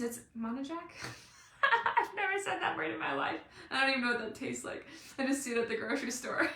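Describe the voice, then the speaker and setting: A woman's voice: high-pitched, expressive, moderate pace, creaky, bright, forceful tone, reverberant. A young woman coaching viewers in a live video. She talks in a bubbly, playful way and acts out little scenes. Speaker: life and business coach. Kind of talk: motivational live video talk.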